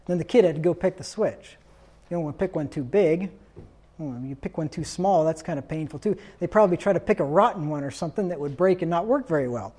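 A man's voice: on the high side, expressive, fast talker, dark tone. Stern male preacher reading scripture. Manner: reads scripture aloud and asks rhetorical questions; stern, insistent teaching tone. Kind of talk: sermon.

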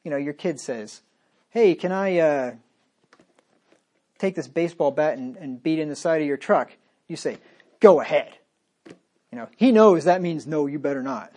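A man preaching a sermon, reading verses aloud and dropping into sarcastic low asides between loud points. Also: animated, moderate pace.

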